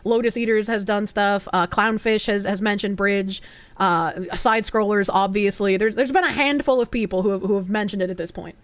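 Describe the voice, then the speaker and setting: A woman's voice: medium pitch, fairly even intonation, moderate pace, no echo. A young adult woman streaming live, chatting casually in a rambling, profane way and reading out donations.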